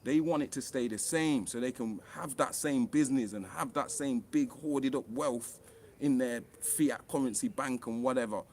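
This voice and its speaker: A man speaking straight to camera in a heated, impassioned rant. His delivery is blunt and full of swearing, and his voice keeps rising sharply for emphasis. His pitch sits in an ordinary middle range for a man. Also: moderate pace, a little mellow, a little hiss or hum. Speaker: author and online commentator.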